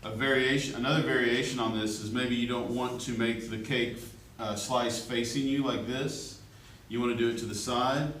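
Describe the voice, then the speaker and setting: A man's voice: medium pitch, fairly even intonation, normal speed, few pauses, fairly bright tone. A male art teacher, chatty and joking as he demonstrates a drawing and checks in with his class. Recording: echoey classroom from far off, faint room noise.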